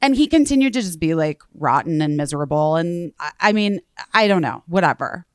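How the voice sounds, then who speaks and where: A woman's voice: sits low, brisk, smooth, dry recording. Chatty woman retelling a story, dry mic. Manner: animated retelling, acts out quoted voices, swears freely. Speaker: podcast host. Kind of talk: casual chat, storytelling.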